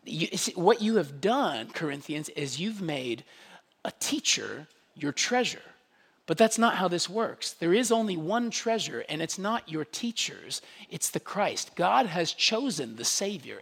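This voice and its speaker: An animated male pastor delivering a sermon, his pitch riding high and swinging widely. His voice carries a husky grain as he acts out little asides to drive points home. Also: big-room sound.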